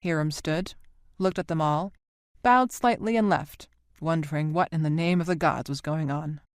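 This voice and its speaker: Woman reading an audiobook, lowish voice, dry close sound. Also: moderate pace, dry recording. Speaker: audiobook narrator. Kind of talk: audiobook narration.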